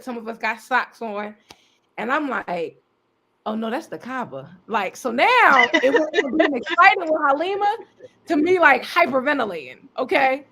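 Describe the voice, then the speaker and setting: This is a woman guest recounting a personal experience with lots of energy. Her voice sits high and leaps up and down as she acts out what others said. She laughs easily through the telling. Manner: expressive, acts out quoted voices, laughs often. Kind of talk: animated personal storytelling.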